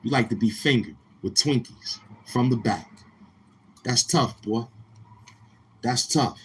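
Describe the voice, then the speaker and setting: A man's voice: medium pitch, takes it slowly, a little hiss or hum, low-quality recording. A man hosting a casual livestream, talking in brash, heckling, slang-heavy banter. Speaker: live-stream host.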